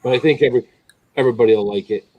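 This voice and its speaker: A man's voice: medium pitch, racing, narrow, tinny audio. A man chatting casually on a live stream, eager to share a joke.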